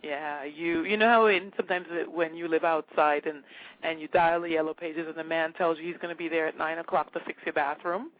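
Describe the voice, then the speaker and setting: A woman from Trinidad, a guest on an interview, talks in a casual, animated way and acts out the voices of the people in her stories. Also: sits low, brisk, no echo. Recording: tinny phone line.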